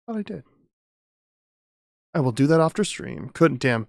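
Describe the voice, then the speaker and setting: Male streamer, casual and profane, lively delivery, dry home-studio sound. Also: a little high, normal speed, vocal fry, no room sound. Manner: rambling, swearing, chatty with viewers. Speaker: streamer and audio engineer. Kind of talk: casual live-stream chat.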